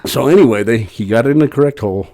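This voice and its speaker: A cemetery worker guesting on a podcast tells a long, rambling story about his workplace, plain-spoken and casual, acting out his own quotes. His mid-range voice is dark in tone and rapid-fire.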